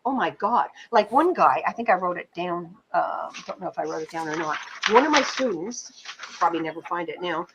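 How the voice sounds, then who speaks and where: A middle-aged woman, a film producer and pitching teacher, telling anecdotes in an interview in an animated, chatty way with many fillers. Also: a little fast, noisy background. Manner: animated storyteller, many fillers like "you know", occasional swearing.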